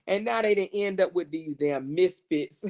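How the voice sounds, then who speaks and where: A woman's voice: fairly low pitch, moderate pace. A woman hosting a casual gossip livestream, cursing freely and laughing often as she talks. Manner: profane, animated, laughs often. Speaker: livestream host.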